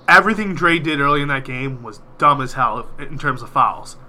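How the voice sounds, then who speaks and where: A man's voice: mid-range voice, expressive, fairly quick, few pauses, sharp tone. A congested man co-hosting a sports podcast, talking bluntly and with emphasis. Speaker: podcast co-host. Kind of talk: casual sports chat.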